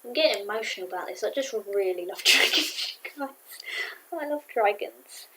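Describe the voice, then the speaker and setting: A woman's voice: medium pitch, moderate pace, very noisy. Chatty rambling young-sounding woman. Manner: rambling, chatty, excitable, many fillers. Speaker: vlogger reviewing a cartoon episode. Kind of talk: casual review chat. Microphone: camera mic.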